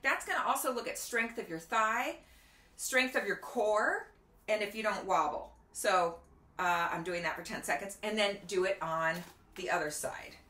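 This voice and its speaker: A woman's voice: medium pitch, normal speed, pushed and bright. A middle-aged woman hosting a casual health vlog, chatty and instructive, counting aloud as she demonstrates exercises at home near a kitchen counter, slightly out of breath. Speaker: doctor and video host.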